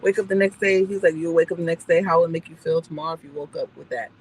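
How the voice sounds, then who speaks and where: A woman driving instructor chatting casually in a moving car, telling stories and acting out the voices in them between calm, brief driving instructions. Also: sits low, rapid-fire, a little hiss or hum, low-quality recording. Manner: animated storyteller who acts out the voices in her stories. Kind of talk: casual chat during a driving lesson.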